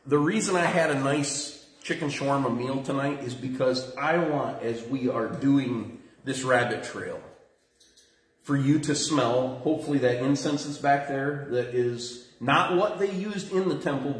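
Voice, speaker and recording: A man giving a sermon as pastor, telling a story in an animated way with lively swings in his voice. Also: mid-range voice, measured pace. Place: church room. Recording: roomy echo with faint noise.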